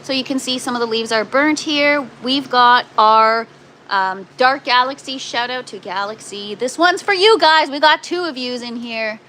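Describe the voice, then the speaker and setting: A woman's voice: sits high, normal speed, bright, forceful tone, slight background noise, low-quality recording. A Canadian woman casually hosting a gardening livestream from an indoor grow tent, chatting and answering viewer comments. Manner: chatty, self-deprecating, reads out viewer comments.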